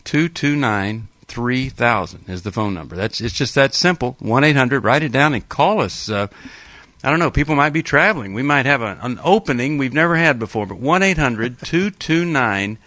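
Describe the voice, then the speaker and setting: Male call-in show host, mid-pitched voice, rambling and jokey, close studio mic with a dry sound. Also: lively intonation, moderate pace, pushed and bright, dry recording. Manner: chatty, rambling, with fillers and playful jokes. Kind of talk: casual call-in show chat.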